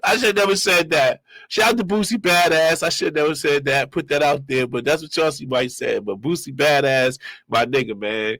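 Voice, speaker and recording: A man hosting his own show, giving loose, slangy street commentary and shout-outs. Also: on the high side, fairly even intonation, moderate pace, vocal fry, few pauses, no echo. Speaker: show host reacting to clips. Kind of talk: casual commentary.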